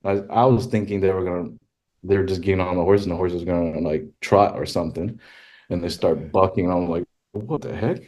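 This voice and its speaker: Podcast guest, male, very low voice, casual storyteller who jumps into high exclamations. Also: fairly quick. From California. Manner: animated, exclaims in high pitch when quoting himself. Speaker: guest, rodeo filmmaker.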